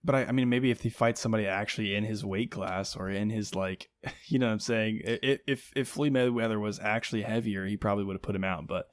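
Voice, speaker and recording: A man's voice: on the low side, fairly even intonation, quick pace, no room sound. Laid-back man co-hosting a podcast. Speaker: podcast co-host. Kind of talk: casual podcast chat.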